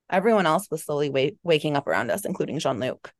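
A woman author reading aloud from her own novel with an expressive, dramatic delivery. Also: deep voice, fairly quick, hardly any pauses, no room sound, studio quality. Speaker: author and guest.

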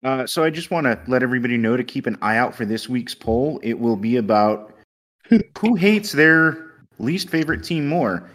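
A man co-hosting a sports podcast, explaining things in a measured way. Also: medium pitch, animated, a bit bright. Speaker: podcast co-host. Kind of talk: casual chat.

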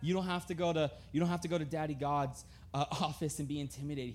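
Young guy giving a sermon, kinda high voice, jokey and lively then soft and sincere. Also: slight background noise. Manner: casual, animated storytelling with laughs; drops to soft, slow, earnest tone. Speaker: preacher.

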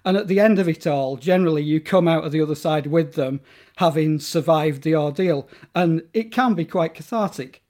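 Guy gushing about films, bit of a high voice, lots of ums and restarts. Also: normal speed, a little mellow. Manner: enthusiastic, rambling with fillers and restarts. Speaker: guest horror film enthusiast. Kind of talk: casual interview chat.

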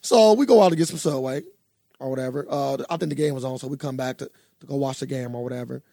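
A young man co-hosting a casual podcast, telling a story in an animated, profane way. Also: mid-range voice, fast, gravelly, dry recording, studio quality. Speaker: podcast co-host. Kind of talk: casual chat.

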